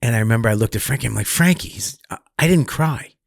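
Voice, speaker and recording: A middle-aged comedian from Massachusetts, guesting on a podcast, tells his story candidly in a mid-range, gravelly voice at a quick pace, swearing freely. He acts out other people's lines with sudden bursts of volume. The recording is dry and close, with no room sound.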